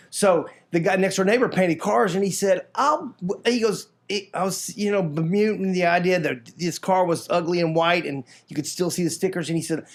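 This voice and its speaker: High-voiced man telling a story animatedly. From Florida, United States. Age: middle-aged. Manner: animated, acts out other people's lines in raised voices; frequent restarts and repeated words. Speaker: guest telling his life story. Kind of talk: casual storytelling.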